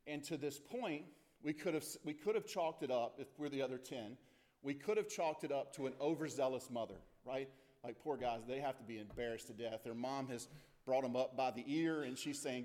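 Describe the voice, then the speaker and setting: A man in the middle of a sermon, speaking at an ordinary pitch for a man. He talks to the congregation casually and now and then slips into the voices of the people in his story. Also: moderate pace, a little mellow. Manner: conversational preaching with acted-out quotes and repeated phrases. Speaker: pastor. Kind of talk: expository sermon.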